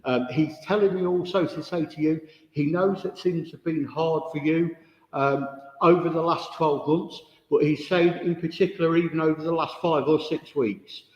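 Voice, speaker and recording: A man speaks as a spiritualist medium, chatty and direct as he singles out people in the audience. His voice sits a little high and rings through a village hall with a long echo. Recorded without a microphone, the sound is dull and distant. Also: fairly even intonation, normal speed. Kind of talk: mediumship demonstration. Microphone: no microphone, room recording.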